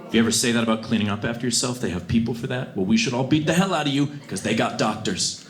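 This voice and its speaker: A man performing a stand-up comedy set on a club stage, swinging between quiet deadpan and loud outbursts. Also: medium pitch, quick pace. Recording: live show with audible audience noise.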